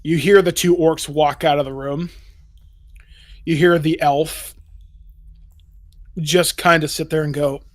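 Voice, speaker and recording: Brisk man narrating as game master. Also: fairly high pitch, fairly even intonation, dry recording.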